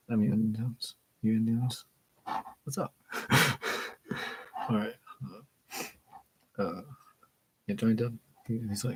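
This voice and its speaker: A man's voice: mid-range voice, flat delivery, a little slow, vocal fry, pauses often, warm tone, husky, poor audio. A man casually reading a book aloud, chatting, laughing and stumbling over words as he goes.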